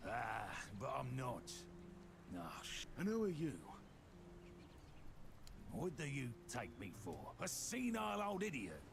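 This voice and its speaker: A gravelly, grumpy old man. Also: medium pitch, wildly swooping pitch, slow pace, pauses often, noisy background, full character voice. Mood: grumbling. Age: older. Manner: gruff, swearing, rambling. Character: grumpy foul-mouthed old male former keeper. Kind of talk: video game voice acting. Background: game music.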